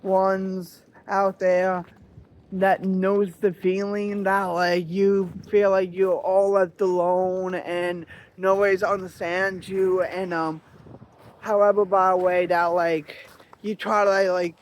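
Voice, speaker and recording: A man talking in a personal reflective vlog, halting and earnest, searching for his words. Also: sits high, level tone. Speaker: vlogger.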